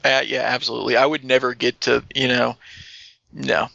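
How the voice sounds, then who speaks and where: A man co-hosting a podcast in casual, animated chat, swearing freely. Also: mid-range voice, moderate pace, creaky, no echo, highs cut off. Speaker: podcast co-host.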